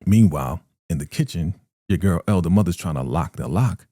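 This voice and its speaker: A man's voice: low voice, animated, brisk, mellow, no room sound, clean studio sound. A man doing a casual, slangy recap of a TV episode, retelling it with animation and briefly acting out the characters' lines. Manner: slangy and conversational.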